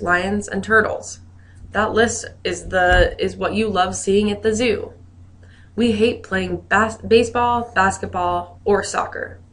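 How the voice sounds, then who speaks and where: A woman's voice: mid-range voice, fairly bright tone. A woman teacher giving a recorded grammar lesson, explaining rules in a friendly way with joking asides.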